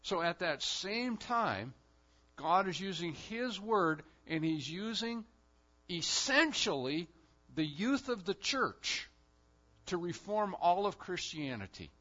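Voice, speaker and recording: Pastor guy preaching hard, bright sharp voice, kinda muffled lo-fi sound. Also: high-pitched, big pitch swings, slow pace. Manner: emphatic preaching with sudden loud swells. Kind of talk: sermon.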